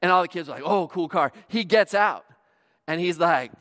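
A high-pitched male pastor delivers a sermon in a large church auditorium. His storytelling is animated, sinking to near hushes and rising to shouts. The hall gives his voice a long, lingering reverb. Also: brisk. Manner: animated storytelling, dramatic swings from quiet to shouting.

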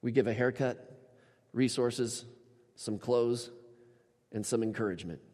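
A man preaching a sermon as a pastor, storytelling with animated shifts and acting out the people he quotes. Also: mid-range voice, a little slow. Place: church. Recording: church hall with long reverb.

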